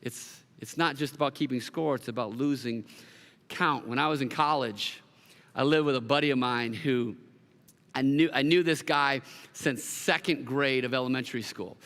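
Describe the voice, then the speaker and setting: A middle-aged man preaching a sermon from a church stage, telling a personal story and acting out the voices in it with lively, animated delivery. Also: mid-range voice, normal speed, in a large hall. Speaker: pastor.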